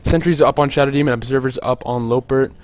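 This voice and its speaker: A young man casting a video game match on his own, chatty and jokey, with many filler words and quick asides. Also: medium pitch, steady tone. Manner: rambling, jokey, lots of "like" fillers. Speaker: esports caster. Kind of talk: solo play-by-play commentary.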